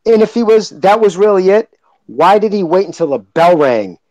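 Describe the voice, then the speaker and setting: A man's voice: sits high, expressive, moderate pace, darkish tone, dry recording, low-quality recording. A man co-hosting a boxing podcast, arguing his point emphatically in casual chat, with frequent swearing. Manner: emphatic, argumentative, profane. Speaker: podcast co-host.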